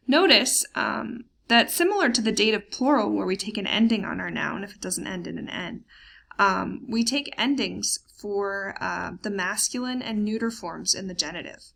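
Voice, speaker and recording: Woman German teacher, slide lesson, gravelly edge, filler-heavy plain explaining. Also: mid-range voice, lively intonation, fairly bright tone. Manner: slows down for German example words.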